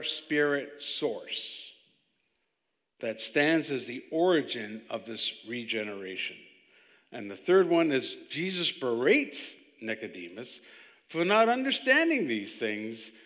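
A man teaching from the Bible in a conversational, animated way, often restarting his sentences. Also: mid-range voice, in a large hall. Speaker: preacher.

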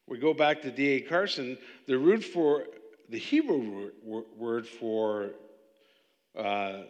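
A man teaching from the Bible in a conversational, animated way, often restarting his sentences. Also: medium pitch, slow, long reverb tail. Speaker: preacher.

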